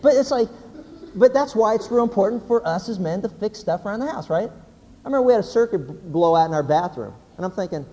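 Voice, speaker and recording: A man, a pastor, giving a humorous sermon as an animated, joking storyteller. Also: high-pitched, quick pace. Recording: hall reverb, faint background noise.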